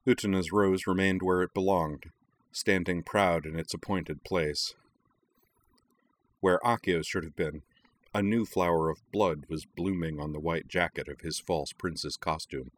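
A man narrating a story aloud in a steady, dramatic reading. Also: sits low, a little slow. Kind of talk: audiobook reading of fan fiction.

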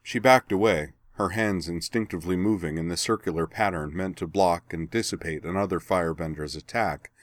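A man giving steady, measured scripted narration of a story. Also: low-pitched, dry recording.

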